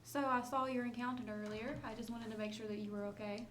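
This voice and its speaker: A woman's voice: a little high, steady tone, quick pace, a little hiss or hum. A woman playing a tabletop game, chatting and giggling as she describes her character's actions. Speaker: player.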